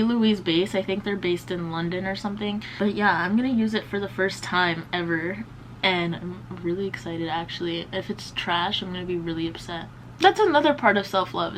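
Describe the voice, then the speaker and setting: A young woman in her twenties talks casually through a makeup routine, chatty and slangy with plenty of filler words. Her voice sits at an ordinary middle pitch. A faint hiss lies under the recording. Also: rough recording. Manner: chatty, slangy, lots of "like" and "bro". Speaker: beauty vlogger. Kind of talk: casual chat while doing makeup.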